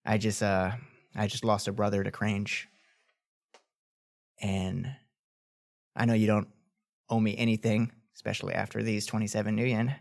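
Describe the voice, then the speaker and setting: A man voicing a rough, sentimental male street runner in a tabletop role-play, with loose, crude banter full of restarts. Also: fairly low pitch, little pitch movement, moderate pace, pauses often. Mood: earnest.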